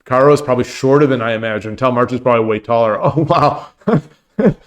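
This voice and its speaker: A man's voice: medium pitch, steady tone, rapid-fire, muffled recording. A man hosting his own stream and chatting casually with viewers, rambling and laughing as he talks. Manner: rambling, full of restarts and laughter. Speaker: streamer and host.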